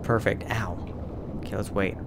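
A man's voice: fairly low pitch, fairly even intonation, unhurried, very noisy. A man hosting a let's play, casually commenting on his gameplay and talking to the characters on screen. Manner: chatty, talks to the game and its characters.

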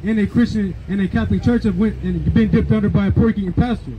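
Street preacher, man, high voice and quick delivery, dull lo-fi outdoor recording. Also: fairly even intonation. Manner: preachy, asks for verses and keeps saying "right?". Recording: dull lo-fi sound, faint outdoor noise.

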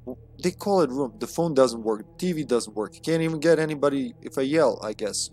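A man's voice: medium pitch, lively intonation, brisk, darkish tone. A man streaming a game, casually commentating, cracking jokes, swearing, and reading the on-screen text aloud.

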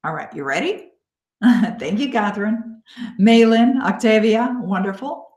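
A woman hosting a live online coaching webinar, encouraging and upbeat, thanking listeners by name and slowing down to guide them. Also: medium pitch, lively intonation, darkish tone. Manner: slow, coaxing guidance in visualization parts. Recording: echoey room.

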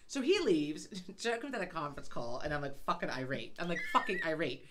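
A woman's voice: low voice, animated, a little fast, hardly any pauses. A middle-aged woman co-hosting a podcast, telling a story in casual chat, exasperated and swearing often. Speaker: podcast co-host.

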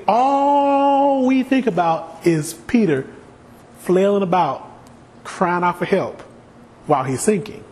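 Pastor guy preaching, slow delivery, voice swings up and down a lot, fairly high. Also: slight background noise. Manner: animated preaching, asks the congregation questions. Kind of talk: sermon. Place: church sanctuary.

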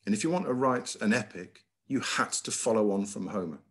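Middle-aged headmaster, lively slide lecture over a video call, low voice. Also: male voice, fairly quick. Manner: lively, emphatic, with frequent ums and uhs. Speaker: school headmaster giving a talk.

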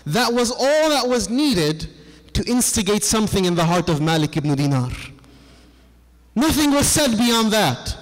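Earnest man preaching in a reverberant hall. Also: high-pitched. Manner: earnest, quotes the figures of his story in his own voice. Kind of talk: sermon storytelling.

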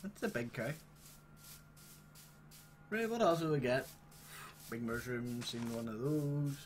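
A man hosting a gaming channel, chatting casually and swearing excitedly as he plays a game. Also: mid-range voice, takes it slowly, slight background noise. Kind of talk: casual gameplay commentary.

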